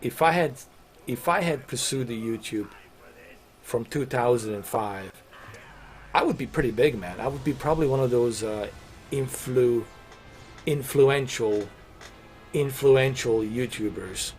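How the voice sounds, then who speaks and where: A man's voice: mid-range voice, moderate pace, pauses often, faint music behind. A middle-aged man streaming games, chatting casually and rambling, with lots of "dude" and "man". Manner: rambling, laid-back, says dude and man a lot. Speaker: gaming streamer. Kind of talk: casual game-stream chat.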